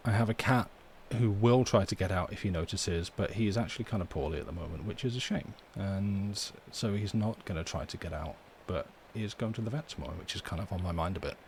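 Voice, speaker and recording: A man from the UK, hosting a livestream from home in a soft, rambling, chatty way and reading poetry aloud. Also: low-pitched, fast talker, hardly any pauses, a little hiss or hum. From United Kingdom. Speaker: livestream host. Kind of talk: casual livestream chat and poem reading. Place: home room.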